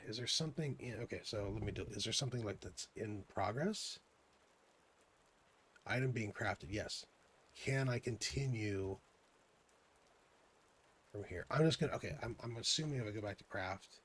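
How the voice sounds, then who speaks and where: A man's voice: on the low side, breathy edge. A man giving chatty gameplay commentary, thinking aloud and poking fun at himself. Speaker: gaming video host.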